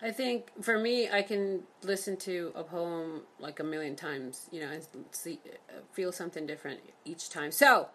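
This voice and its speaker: Woman, poetry host, video call, casual filler-heavy chat, slightly low pitch. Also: fairly bright tone, slight background noise. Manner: chatty, full of fillers, reads rhymes briskly.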